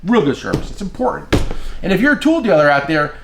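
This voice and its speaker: A man's voice: a little high, fast talker, creaky, echoey room, background noise. A man who works as a tool dealer, telling stories in a casual chat and acting out the voices of the people he quotes. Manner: animated, acts out quoted voices, swears.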